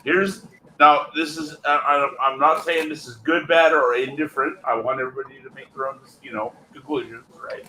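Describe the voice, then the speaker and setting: A man's voice: mid-range voice, steady tone, moderate pace, bright, forceful tone, reverberant, rough recording. A man on a call-in show who gets worked up, interrupts, and insists on finishing his point. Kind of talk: casual call-in show chat.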